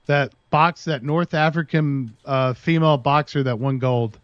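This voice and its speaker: A man's voice: fairly high pitch, steady tone, a little slow, no room sound, dull audio. A man chatting casually on his livestream, telling a long rambling story and talking to his dog in between. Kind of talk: casual chat with stream viewers.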